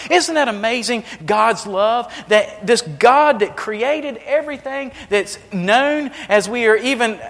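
A man preaching a sermon as pastor, swinging between hushed, intimate lines and loud, emphatic ones. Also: sits high, in a large hall. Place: church sanctuary.

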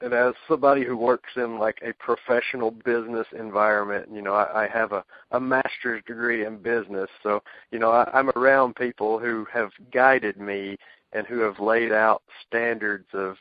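A man, a ring announcer, guesting on a radio talk show, telling anecdotes in a halting way with many restarts. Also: on the low side, steady tone, no echo, lo-fi sound. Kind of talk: casual radio interview, storytelling.

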